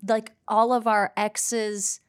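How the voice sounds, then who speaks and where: A young woman co-hosting a casual talk show, telling a personal story with animated bursts. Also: a little high, takes it slowly, clear, resonant tone. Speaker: podcast co-host. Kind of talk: casual chat.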